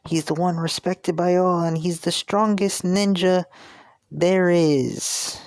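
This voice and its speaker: A man voicing an eager, excited young boy ninja who dreams of leading his village. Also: sits high, slow pace, no room sound, clean studio sound, pitched above the performer's own voice. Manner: excited, wide-eyed questions.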